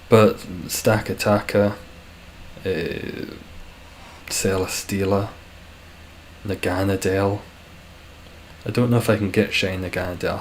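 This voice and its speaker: A man's voice: fairly low pitch, slight background noise, poor audio. A young man streaming a game, chatting casually with viewers in a rambling, self-deprecating way.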